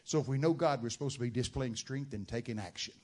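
A man preaching a sermon, telling Bible stories with dramatic shouted outbursts. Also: mid-range voice, fast talker. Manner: dramatic storytelling, bursts into loud shouted quotes.

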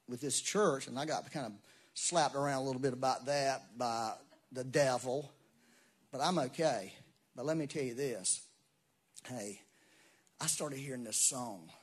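A man, preaching a sermon in a folksy, animated way with asides and laughs. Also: medium pitch, slightly rough. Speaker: pastor.

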